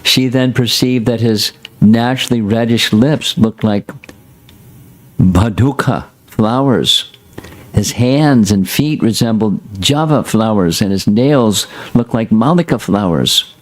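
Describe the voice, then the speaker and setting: A man's voice: on the low side, takes it slowly. A man teaching a scripture class, reading a passage aloud and breaking in with short plain asides. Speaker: spiritual teacher.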